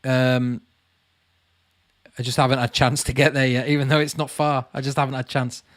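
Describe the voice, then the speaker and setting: A man's voice: medium pitch, level tone, a little fast, no room sound, clean studio sound. A man hosting a casual livestream, reading out viewers' comments and chatting back to them. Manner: chatty, calls viewers mate, reads comments aloud. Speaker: channel host answering live chat.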